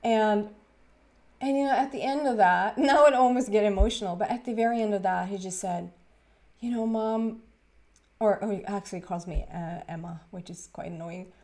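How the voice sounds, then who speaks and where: Mellow-voiced woman in her thirties, tarot reader, rambling and giggly storyteller. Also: medium pitch, fairly quick. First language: Swedish. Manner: rambling and giggly, many fillers and restarts. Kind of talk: casual storytelling to camera.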